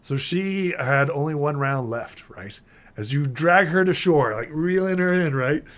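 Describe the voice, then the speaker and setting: A man's voice: on the high side, lively intonation, measured pace, a bit bright. A man running a tabletop role-playing game as game master, narrating with lots of laughter and "right?" tags.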